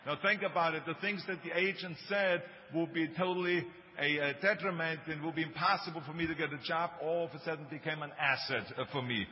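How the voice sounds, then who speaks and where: A man's voice: a little high, fairly even intonation, fairly quick, few pauses. German-accented man giving an emphatic speech. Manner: emphatic storytelling with joking asides. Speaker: speaker. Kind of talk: motivational speech. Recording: dull, reverberant hall recording with faint noise.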